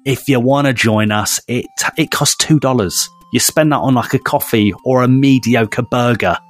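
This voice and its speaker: A man's voice: mid-range voice, normal speed. A man co-hosting a casual podcast, cheerful and jokey, laughing a lot. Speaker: podcast co-host.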